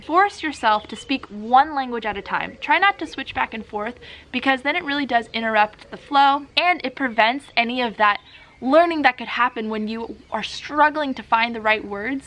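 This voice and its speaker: A woman vlogger who teaches languages talks straight to camera, cheerful and encouraging. Her voice is bright and a little high. She acts out short lines she might say to her students. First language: English. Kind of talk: advice vlog to camera.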